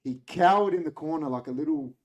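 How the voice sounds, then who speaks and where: An Australian man with a somewhat high voice tells a story on a casual podcast. He acts out what people said with plenty of energy. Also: fast talker. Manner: animated storytelling, acts out quotes. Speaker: podcast host. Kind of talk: casual chat.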